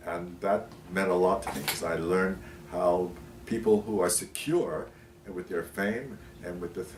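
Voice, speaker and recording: An older man from Pennsylvania, telling animated anecdotes as an interview guest, with many fillers and restarts. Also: sits low. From Pennsylvania, USA. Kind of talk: anecdotal storytelling. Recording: roomy, distant mic, faint noise.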